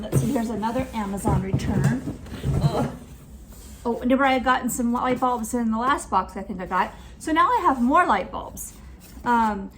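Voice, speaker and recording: A woman's voice: a little high, noisy background. A woman unboxing a returns box on her vlog, talking in a snarky, annoyed way. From California.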